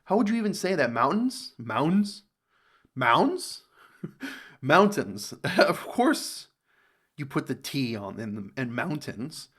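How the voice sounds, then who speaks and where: An American man hosting a reaction video, thinking aloud in casual commentary, rambling and jumping into sudden high exclamations. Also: measured pace. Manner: rambling, thinks aloud, animated jumps in pitch.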